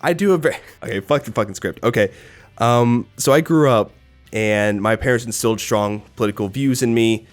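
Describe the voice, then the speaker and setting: A young American man in his twenties answering viewer questions in a casual vlog, swearing often and throwing in animated asides. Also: medium pitch, normal speed, soft background music. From United States. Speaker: YouTube creator.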